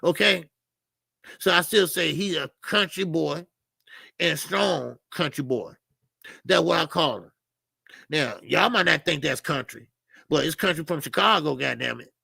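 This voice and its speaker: A middle-aged Southern US man talks loosely about boxing, laughing, cussing and greeting viewers. His voice sits high and bright with a gravelly edge. The sound is close and dry. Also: animated, a little slow, long pauses, no room sound. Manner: loose, laughing, swears freely, chatty with viewers. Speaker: boxing show host. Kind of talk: casual live-stream chat.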